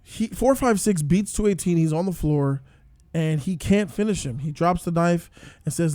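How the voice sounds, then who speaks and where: A man giving a casual spoiler review, excitable and profane, breaking into loud outbursts. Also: on the high side, normal speed, no room sound. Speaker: show reviewer.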